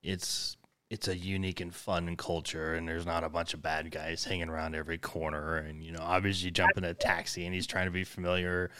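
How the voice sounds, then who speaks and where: Very deep, bright, smooth-voiced male host. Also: monotone, a little fast, a little hiss or hum. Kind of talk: casual interview.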